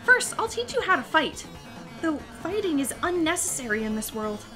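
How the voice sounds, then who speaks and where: A woman voicing a shy, gentle young male goat-like creature, reading his lines in a sweet, hesitant, encouraging way. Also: high voice, sing-song, moderate pace, faint music behind, exaggerated voice. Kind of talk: reading game dialogue aloud.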